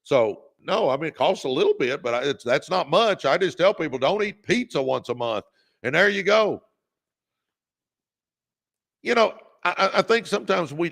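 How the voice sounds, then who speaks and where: Guy hyping up his livestream crowd, gravelly voice, pumped up like a preacher. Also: a little high, fairly bright tone. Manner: revved-up preacher-like exhortation, calls out viewers by name. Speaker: podcast host. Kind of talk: motivational livestream talk.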